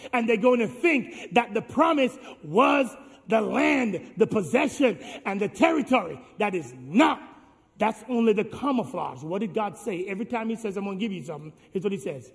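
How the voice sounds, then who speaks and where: A high-pitched male pastor preaching with call-and-response energy, dropping to hushed lines and then rising to shouts. His voice rings through a big hall with long reverb. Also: expressive, moderate pace. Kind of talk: sermon.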